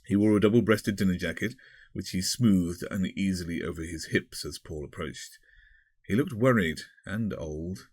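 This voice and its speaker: A man reading an audiobook in a measured, even storytelling manner. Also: low-pitched, slightly rough, dry recording, clean studio sound. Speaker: audiobook narrator. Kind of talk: audiobook narration.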